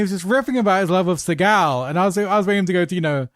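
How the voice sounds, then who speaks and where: A man hosting a podcast who tells anecdotes in an animated way, with swearing and quick asides. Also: sits high, no echo. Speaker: podcast host. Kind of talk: casual podcast chat, storytelling.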